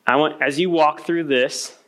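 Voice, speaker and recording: A man's voice: a little high, fairly even intonation, measured pace, fairly bright tone. A man in his thirties speaking to an audience at a workshop, earnestly coaching the listeners.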